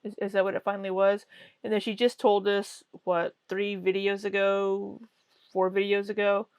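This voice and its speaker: A woman's voice: medium pitch, little pitch movement, normal speed, smooth, no echo. A woman hosting a reaction commentary with a sarcastic, mocking way of talking. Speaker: commentary host.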